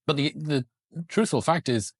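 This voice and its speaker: A man's voice: fairly high pitch, normal speed, no room sound, studio quality. A man in a casual podcast conversation, candid and reflective, swearing now and then.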